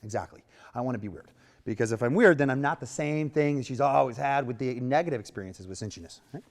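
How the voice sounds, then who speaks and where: A man giving a hands-on lesson as a horse trainer, with coaxing, rhythmic repeated cues and soft praise. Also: mid-range voice, fast. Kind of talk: hands-on instruction.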